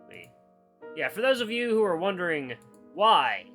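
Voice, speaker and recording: A man reads a visual novel aloud for his gaming channel, narrating in first person with casual asides. His voice is bright and lively, rising and falling freely. Faint guitar music plays in the background. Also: fairly high pitch, a little fast.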